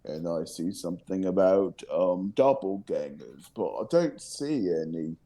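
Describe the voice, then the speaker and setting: A man's voice: deep voice, expressive, measured pace, dark tone. A man playing in a tabletop game, asking curious questions and laughing easily. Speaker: player. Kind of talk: casual game chat.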